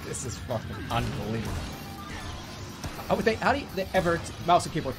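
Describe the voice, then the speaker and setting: A man's voice: on the high side, big pitch swings, fast, pauses often. Exasperated man cursing at a game. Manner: exasperated, swearing, laughing at the game. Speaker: streamer. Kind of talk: gameplay commentary. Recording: loud game music behind.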